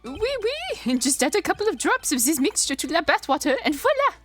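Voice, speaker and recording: A woman's voice: sits high, very animated, fairly quick, soft background music, voice pushed up. A woman voicing a flamboyant, flirty male French chef in a theatrical put-on French accent, gushing and sprinkling French words. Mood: fussing.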